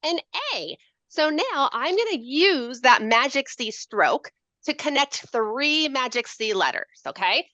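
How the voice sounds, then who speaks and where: A woman's voice: high-pitched, a little slow, no room sound. A woman demonstrating a handwriting activity on a video call, playful and full of questions to her listeners. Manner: animated, playful, asks questions. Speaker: literacy educator. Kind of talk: lively teaching demonstration.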